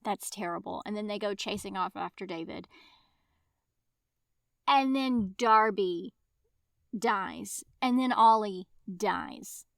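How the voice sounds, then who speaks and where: A woman co-hosting a book podcast in casual chat, telling things with animated enthusiasm. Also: mid-range voice, slow pace, vocal fry, pauses often, no echo, studio quality. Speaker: podcast co-host.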